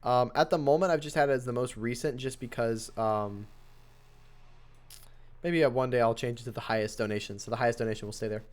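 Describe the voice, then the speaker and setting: A man's voice: mid-range voice, fairly even intonation, fairly quick. A man hosting a casual live stream, chatting, laughing often and thanking donors as he comments on matches. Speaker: streamer and host.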